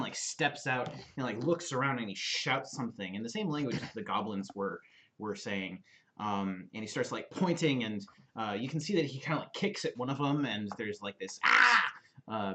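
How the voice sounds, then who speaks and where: A man's voice: mid-range voice, a little hiss or hum. A young man running a tabletop game as dungeon master, narrating the scene loosely with many fillers.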